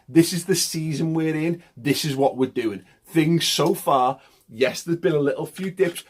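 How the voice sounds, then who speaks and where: A man's voice: medium pitch, slightly rough. A man giving an impassioned, emphatic monologue as a football fan vlogger, swearing and repeating himself for emphasis. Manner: emphatic, swearing, repetitive pep talk.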